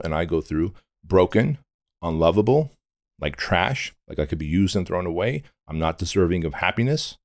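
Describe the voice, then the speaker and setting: A man's voice: low voice, darkish tone, dry recording, studio quality. A middle-aged man from Armenia, a podcast guest telling his story in a blunt, intense, candid way with casual swearing.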